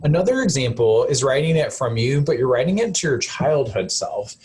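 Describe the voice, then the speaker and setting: A man's voice: medium pitch, big pitch swings, moderate pace, a little mellow, a little hiss or hum. A man, a counselor, giving a casual live webinar talk in a conversational way, with lots of fillers and self-corrections.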